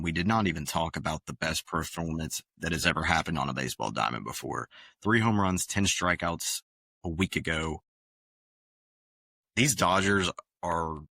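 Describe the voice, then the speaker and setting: A man co-hosting a sports podcast, speaking in a measured way with filler ums. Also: deep voice, bright, forceful tone, no echo, clean studio sound. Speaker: podcast co-host. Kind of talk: casual sports chat.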